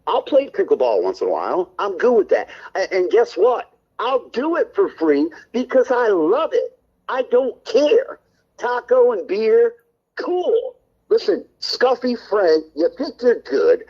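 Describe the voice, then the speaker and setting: A man co-hosting a stream show delivers a heated, profane on-air rant, blunt and defensive. His husky voice swings widely up and down at an unhurried pace. The audio is dull and lo-fi. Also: sits high, wildly swooping pitch. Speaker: co-host of a call-in stream show.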